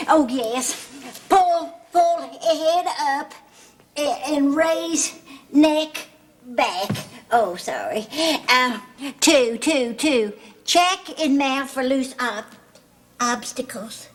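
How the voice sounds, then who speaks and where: An actress playing a fretful middle-aged mother in a 1970s TV soap, fussing, scolding and pleading. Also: sits high.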